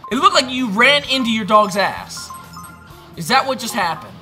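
Man streamer, casual profane game banter, lively swings from mutter to shout, game music behind. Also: very high voice, moderate pace. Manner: profane, excitable, yells at the game. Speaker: streamer playing a video game.

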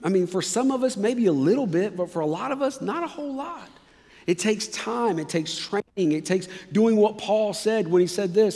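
A male pastor giving a sermon in a conversational, emphatic way, dropping suddenly quiet at times. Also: high-pitched, animated, fairly quick, big-room sound. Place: church sanctuary.

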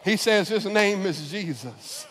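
High-voiced preaching pastor in a reverberant hall. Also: male voice, animated, slow. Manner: preaching, builds to shouted climaxes, repeats words. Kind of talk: sermon. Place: large church sanctuary. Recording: long church reverb.

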